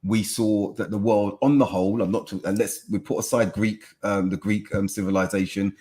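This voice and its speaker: A middle-aged man with a fairly low voice, speaking thoughtfully on a podcast. He is measured and deliberate, leaning on key words one at a time. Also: fairly even intonation, dark tone. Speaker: podcast co-host. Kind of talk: reflective discussion. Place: podcast studio.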